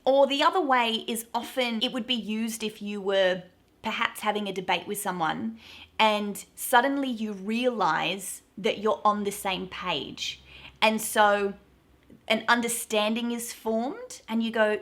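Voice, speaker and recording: A woman's voice: mid-range voice, unhurried, a bit bright. A woman in her thirties with an Australian accent, explaining slang to camera in a chatty, giggly, self-deprecating way. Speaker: YouTube host teaching Australian slang. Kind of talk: casual explainer talk to camera.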